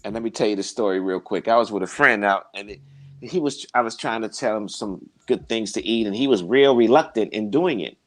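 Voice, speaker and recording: A man's voice: on the low side, brisk. A man talking casually, preaching and telling stories, and acting out the people he quotes. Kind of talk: casual conversation, storytelling.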